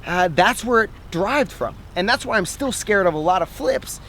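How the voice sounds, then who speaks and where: Chatty high-voiced young man outdoors. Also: moderate pace. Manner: animated, chatty, laughs at himself. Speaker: fitness vlogger. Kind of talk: casual storytelling to camera. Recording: faint outdoor noise.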